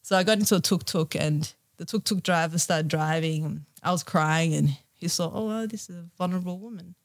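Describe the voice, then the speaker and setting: A woman's voice: on the low side, brisk. Candid young woman telling her story. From Australia. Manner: candid, emotional, many fillers. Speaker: guest. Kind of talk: personal storytelling in a podcast interview.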